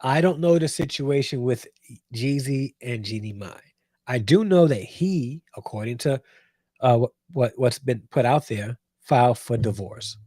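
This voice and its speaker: Man, emphatic Bible commentary, repeats himself, mid-pitched, dry close sound. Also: animated, unhurried, dark tone, dry recording. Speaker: host.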